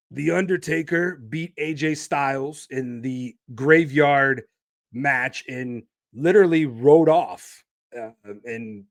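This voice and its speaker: A man's voice: fairly high pitch, vocal fry, dry recording, studio quality. A man hosting a solo wrestling podcast, talking animatedly and stretching out names for emphasis. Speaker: podcast host.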